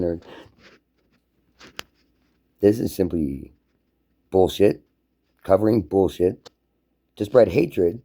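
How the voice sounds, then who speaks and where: A man's voice: low-pitched, mellow, a little hiss or hum. A man delivering a profane, emphatic, run-on rant to camera. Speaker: vlogger. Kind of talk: casual ranting monologue.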